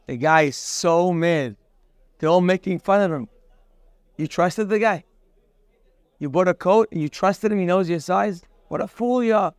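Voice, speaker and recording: A man teaching a Torah class, telling a parable and acting out the dialogue in an animated way. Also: high-pitched, clear, resonant tone, dry recording. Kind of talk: storytelling lesson with a parable.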